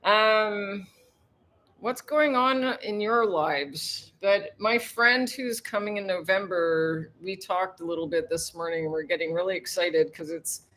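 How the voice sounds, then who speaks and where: Greeting viewers with plenty of laughter, a woman hosts a rambling, chatty livestream from her home in a tropical town, where she also works as a tour guide. Her medium-pitched voice is fairly bright and a little slow.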